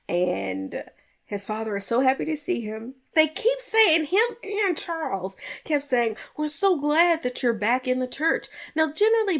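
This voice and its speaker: A woman with a somewhat high voice talks through a movie plot in a loose, conversational way. She is chatty and animated, tossing in playful jabs at the characters as she recaps scenes for her podcast. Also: gravelly. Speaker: podcast host reviewing a film. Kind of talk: casual chat.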